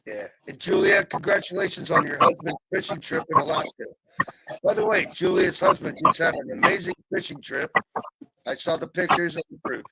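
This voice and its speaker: A man on a live panel chat, talking in a vulgar, loud, abrasive way as he tells stories. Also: high voice, huge pitch swings, fairly quick, vocal fry, breathy edge, low-quality recording. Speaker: regular panelist.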